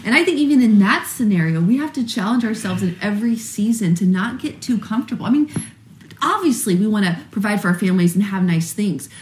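A woman's voice: medium pitch, expressive, fast, a little mellow, roomy sound, slight background noise. A woman co-host in casual chat, often chiming in with short agreeing remarks. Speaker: podcast co-host.

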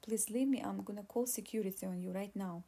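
A woman's voice: mid-range voice, fairly quick, breathy edge. A woman voicing an angry, nervous male attorney who screams insults in an audiobook reading. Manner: loud, insulting, desperate.

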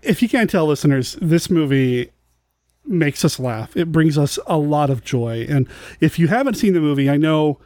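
A man co-hosting a podcast, speaking in a measured way about a film and addressing listeners directly. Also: fairly high pitch, expressive, a little mellow, dry recording. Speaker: podcast co-host. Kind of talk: casual film discussion.

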